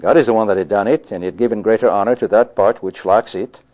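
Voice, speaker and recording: A man's voice: lowish voice, fast talker. Guy preaching a sermon, keeps going "you see", pushes his points hard, kinda muffled old recording. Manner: emphatic, repeats himself with many "you see" and "you know". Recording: dull lo-fi recording.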